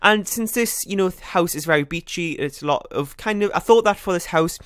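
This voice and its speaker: A man's voice: high-pitched, fairly bright tone, clear, resonant tone, no room sound, clean studio sound. A man giving casual, rambling voice-over commentary on a building game, often correcting himself. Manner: fast, rambling, self-correcting chatter. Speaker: YouTuber.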